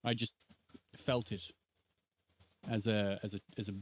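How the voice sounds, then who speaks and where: A man's voice: lowish voice, level tone, measured pace. A man in his thirties doing live gameplay commentary, bantering playfully and teasing his chat. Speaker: streamer.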